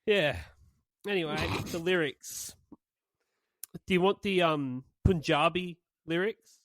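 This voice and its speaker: A man's voice: on the high side, takes it slowly, fairly bright tone, no echo. A man co-hosting a comedy podcast, brash and swearing freely as he banters and reads lyrics aloud. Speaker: podcast co-host.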